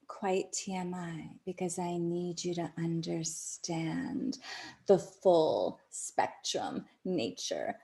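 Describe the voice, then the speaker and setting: Woman host, intimate confessional read: slow, breathy, near-whispered, chatty with a laugh in it. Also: fairly low pitch, warm tone. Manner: chatty, with many "like" fillers and frequent laughs. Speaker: podcast host. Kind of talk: intimate personal storytelling.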